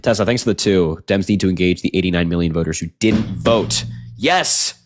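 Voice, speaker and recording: A man's voice: low-pitched, over music. A young man hosting a late-night political livestream, ranting earnestly, repeating himself, and reading out chat donations while sounding tired. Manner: earnest, repetitive, fast rants with filler "like".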